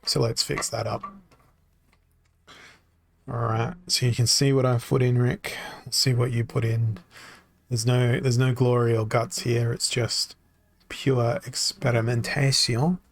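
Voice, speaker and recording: Slow, gravelly-voiced man streaming a game. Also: mid-range voice, level tone, dry recording. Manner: halting, self-mocking, thinking aloud. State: tired, worn voice. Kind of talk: casual live-stream commentary.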